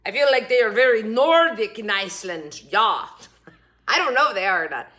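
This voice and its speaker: A middle-aged woman hosting a casual food review vlog, chatty and jokey, with quick asides that sometimes drop to a whisper. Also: medium pitch, animated, fairly bright tone. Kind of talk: casual chat to camera.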